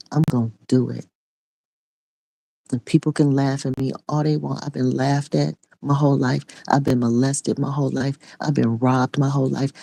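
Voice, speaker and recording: A woman's voice: a bass voice, gravelly, warm tone, slightly rough, no echo. A middle-aged woman and online preacher giving an impassioned spoken testimony in a repetitive, raw preaching cadence.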